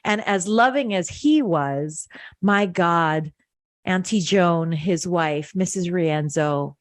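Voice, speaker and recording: Low-voiced earnest woman from Hawaii. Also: takes it slowly, dry recording, studio quality. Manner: earnest, emotional, many fillers. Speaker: podcast host. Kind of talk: casual chat.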